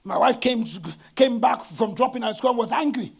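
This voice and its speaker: High gravelly-voiced preaching man. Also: brisk. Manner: animated storytelling, bursts of shouting. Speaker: pastor. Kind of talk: sermon.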